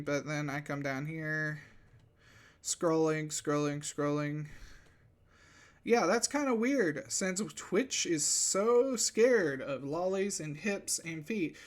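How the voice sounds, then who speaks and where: Breathless man ranting casually at home. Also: fairly high pitch. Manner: loud sarcastic outbursts, then offhand ranting with swearing. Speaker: VTuber commentator. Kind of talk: casual commentary rant. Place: home, upstairs room. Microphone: desk microphone.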